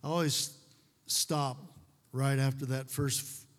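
A man of ordinary middle pitch preaches from the pulpit, folksy and good-humored. He slows right down to stress single words, then speeds into teasing asides. His voice rings out with a long reverb, as in a church sanctuary. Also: flat delivery. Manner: folksy, joking asides with slow emphatic repetition. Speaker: pastor. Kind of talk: sermon.

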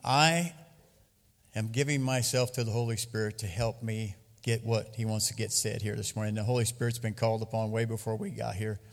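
A man preaching a sermon to a church congregation, lively and loud at times. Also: lowish voice, brisk, in a large hall. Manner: lively, loud bursts, sings and laughs at times. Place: church hall. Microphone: handheld mic.

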